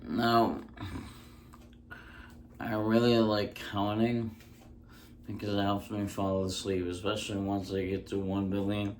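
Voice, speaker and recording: A man doing a casual home-recorded ASMR stand-up bit, rambling through deadpan jokes with frequent ums, close on a handheld mic. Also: lowish voice, a little slow, long pauses, a little hiss or hum. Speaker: stand-up comedian. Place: indoors at home.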